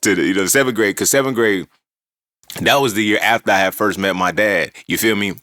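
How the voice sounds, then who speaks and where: A man hosting a casual monologue, animated and profane as he tells his own story. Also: lowish voice, a little fast, no room sound. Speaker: podcast host.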